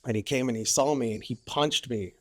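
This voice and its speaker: A man's voice: mid-range voice, brisk, dry recording, clean studio sound. A man and former Marine telling war stories on a podcast in a loose, profane way, full of "like" and "you know". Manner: loose, profane, heavy use of "like". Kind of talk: casual storytelling.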